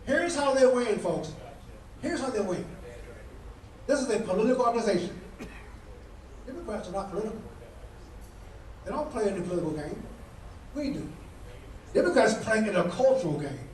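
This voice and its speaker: A man with an unusually high voice delivers a fiery political speech, hammering his points through repeated rhetorical questions in a preacher-like rhythm. He sounds distant from the mic, his voice ringing around an echoey banquet hall. Faint background sound is heard beneath him. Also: lively intonation, a little fast, pauses often, a little mellow. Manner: emphatic, repetitive rhetorical questions, preacher-like cadence. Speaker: guest speaker at a political dinner.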